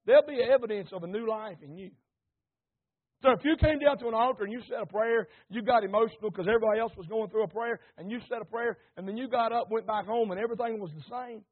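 A man preaching an impassioned sermon, repeating phrases, asking the congregation questions and rising to shouts. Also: high-pitched. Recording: tinny phone-like recording.

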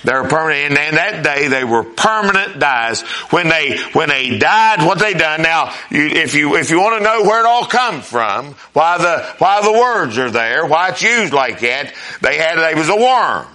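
A man's voice: fairly high pitch, very animated, moderate pace, hardly any pauses, pushed and bright. A man preaching a sermon as pastor, emphatic, rising and dropping with repeated phrases.

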